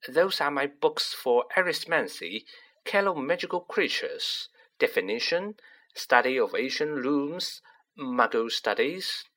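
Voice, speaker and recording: A man's voice: mid-range voice, animated, measured pace, pushed and bright, voice pushed up. A man voicing an earnest, studious teenage girl witch who speaks precisely and a little lecturing. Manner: precise, serious, slightly lecturing.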